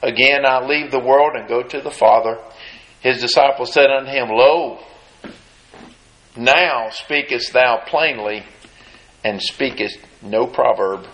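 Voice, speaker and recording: A man's voice: medium pitch, a little slow, fairly bright tone. A man preaching a sermon, reading scripture aloud and then commenting on it in a folksy, emphatic way. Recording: roomy echo.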